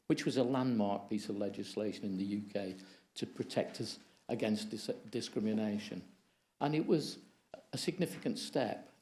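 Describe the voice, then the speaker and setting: Man, lecture presentation, mellow tone, measured, anecdotal. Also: mid-range voice. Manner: measured, reading from slides, anecdotal. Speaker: conference speaker.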